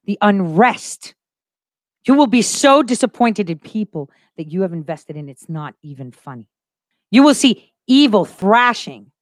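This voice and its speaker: Her mid-range voice comes through a dry, studio-quality recording as she hosts a casual livestream. She sounds insistent and convinced, stressing points by saying them again.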